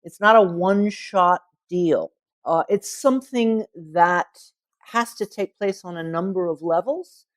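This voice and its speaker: A woman author, a guest on an interview podcast, explaining her ideas in a measured, thoughtful way. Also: fairly low pitch, dry recording. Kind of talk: interview conversation.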